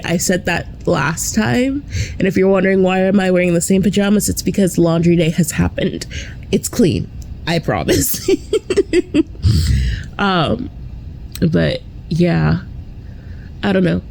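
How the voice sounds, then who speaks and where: A woman's voice: fairly low pitch, unhurried, vocal fry, long pauses, darkish tone, slight background noise. A young woman vlogging casually, rambling and chatty, with frequent laughter between thoughts. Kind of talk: casual vlog chat.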